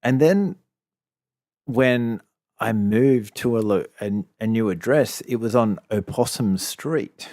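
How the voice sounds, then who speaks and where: A man's voice: mid-range voice, expressive, takes it slowly, darkish tone, no echo, clean studio sound. A man with an Australian accent, co-hosting a casual podcast and telling rambling stories with a laugh. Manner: rambling, chatty storytelling, laughs often. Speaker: podcast co-host. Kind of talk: casual chat.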